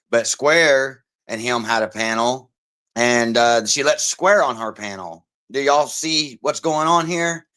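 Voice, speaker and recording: Slow-talking, mocking male livestreamer. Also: mid-range voice, sharp tone, clean tone. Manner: mocking, profane, greets chat viewers by name; halting, many fillers and restarts. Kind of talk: livestream commentary, reading chat.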